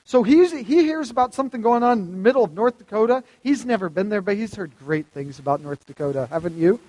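A man's voice: sits high, lively intonation, fast talker, a little mellow, in a large hall. A man preaching a sermon to a live audience, conversational and asking them questions. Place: hall with stage lights.

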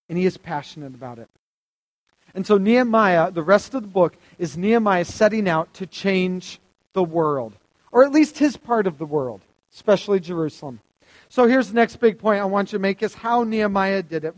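A man with a high-sitting voice preaches a sermon to a live audience, talking conversationally and putting questions to them. He's in a hall with stage lights, and the sound carries a long reverb tail.

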